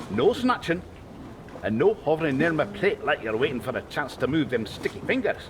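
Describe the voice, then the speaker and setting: A man with a Scottish accent voicing a wry, grumbling fisherman and harbour master in a game, dry and gruff. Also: fairly high pitch. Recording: game audio with clear background noise.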